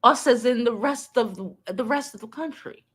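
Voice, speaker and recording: A woman's voice: a little high, normal speed, a bit bright, breathy edge. A middle-aged woman hosting a live stream, chatting casually and animatedly with frequent fillers and restarts. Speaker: channel host.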